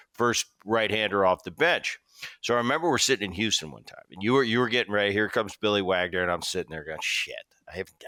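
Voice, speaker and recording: Male podcast host in his 50s, lowish voice, dry close mic, chatty storyteller. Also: no echo. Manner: storytelling, animated quoting. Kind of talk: casual interview chat.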